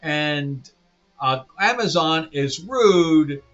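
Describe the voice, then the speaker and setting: A man's voice: fairly high pitch, animated, very slow, a bit bright, highs cut off, faint music behind. A man hosting a casual comic book review, rambling with lots of fillers and chuckling asides.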